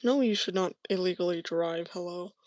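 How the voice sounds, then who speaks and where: A woman's voice: on the low side, normal speed, darkish tone, no echo. A young woman chatting casually to viewers while crafting, often trailing off into a mumble. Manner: chatty, self-talking, often drops to a mumble. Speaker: crafting vlogger.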